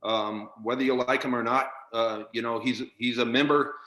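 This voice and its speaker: A man's voice: medium pitch, fairly even intonation, moderate pace, bright, forceful tone. A man in a union virtual town hall, furiously questioning leadership over a video call, swearing and repeating himself. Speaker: union member asking a question.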